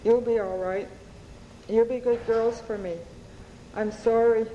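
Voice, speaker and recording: A woman's voice: on the high side, steady tone, a little slow, warm tone, big-room sound, dull audio, slight background noise, close to an everyday voice. A woman voicing a tearful mother, strained and trying to stay composed, while reading her novel aloud. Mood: pleading. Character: tearful mother, struggling to hold back sobs.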